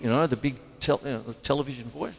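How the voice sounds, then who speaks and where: A man's voice: medium pitch, quick pace, gravelly, in a large hall. A man hosting a casual livestream drum lesson from his home studio, chatty and rambling, laughing at his own jokes. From Australia. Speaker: drum teacher and show host.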